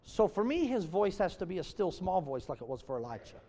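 A high-strung man preaching a sermon to a congregation, swinging from loud bursts to hushed, near-whispered lines. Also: big pitch swings, brisk, big-room sound.

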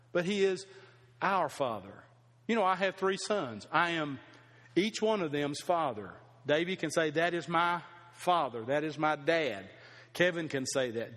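A man's voice: fairly high pitch, a bit bright. A middle-aged man preaching a sermon, talking conversationally and putting questions to the congregation. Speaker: pastor. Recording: long reverb of a hall.

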